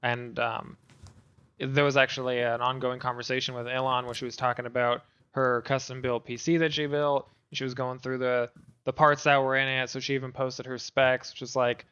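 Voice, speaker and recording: A man's voice: mid-range voice, flat delivery, moderate pace, bright, forceful tone, clean tone, muffled recording. A man co-hosting a gaming podcast, chatting casually with lots of fillers and restarts. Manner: rambling, many fillers and restarts. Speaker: podcast co-host. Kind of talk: casual chat.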